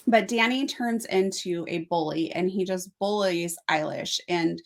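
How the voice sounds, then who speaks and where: A woman co-hosting a casual book review chat, talking in quick asides and correcting herself as she goes. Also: mid-range voice.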